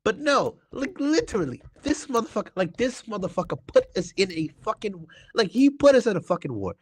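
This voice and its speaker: A man's voice: sits high, very animated, brisk, breathy edge. A young man hosting a political talk show, ranting heatedly with constant swearing and stammered restarts. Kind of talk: heated profane political rant.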